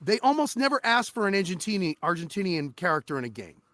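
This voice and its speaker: A man guesting on an interview podcast, a voice actor telling animated, profane stories about his work. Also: high-pitched, fast talker, no room sound, clean studio sound. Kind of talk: casual interview chat.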